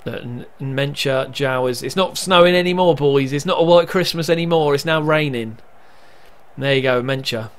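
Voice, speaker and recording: Talking at a normal speed in a mid-range voice, a young man offers casual commentary on his own football management game. He chats through the play, cheers for his side, and gets loudly excited at goals.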